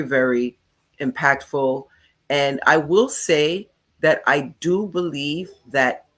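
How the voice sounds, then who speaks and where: A woman hosting a casual commentary show, recapping events in a chatty way and often checking in with her viewers. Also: a bass voice. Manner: chatty, recounts quotes, frequent "okay?" checks. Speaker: commentary channel host. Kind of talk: casual live commentary on a court case.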